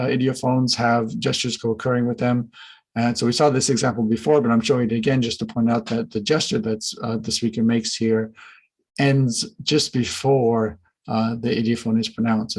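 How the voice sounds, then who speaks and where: Husky-voiced man giving an academic talk. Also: medium pitch, low-quality recording. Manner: measured, with frequent fillers and restarts. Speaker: linguistics researcher presenting.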